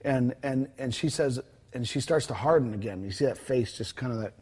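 Husky man telling a testimony. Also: mid-range voice, a little fast. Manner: animated retelling with quoted dialogue, frequent fillers and restarts. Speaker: guest telling a ministry testimony. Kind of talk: conversational storytelling.

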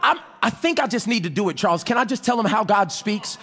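Man, pastor, high voice, very lively pitch, fervent sermon, shouts then hushes. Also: fast talker, faint music behind. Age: adult with children. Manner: fervent, swings from shouting to hushed, call and response.

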